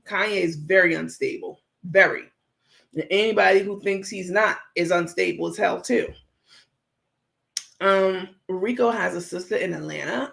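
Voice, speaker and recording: A woman hosts a laid-back livestream from home, reading out viewer comments and answering each one frankly. Her voice has a gravelly fry in it, and she addresses her audience directly in a chatty, unfiltered way. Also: fairly low pitch, fairly bright tone. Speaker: livestream host.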